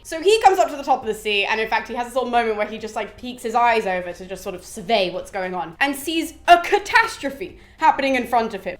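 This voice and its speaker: Brief: a woman with a slightly high voice who explains a classic in a chatty, offhand way. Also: fast talker, few pauses. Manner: chatty, animated storytelling with frequent asides. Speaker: literature explainer. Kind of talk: casual retelling of a classic.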